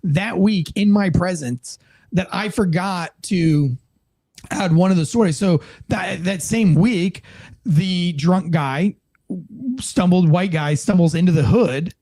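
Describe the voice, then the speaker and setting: A man with a fairly high voice tells a police story in casual chat, very animated. He acts out quoted voices and swears freely. The sound is close and dry, with no room around him. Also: takes it slowly, no echo. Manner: swears casually, many fillers. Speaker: police officer guest.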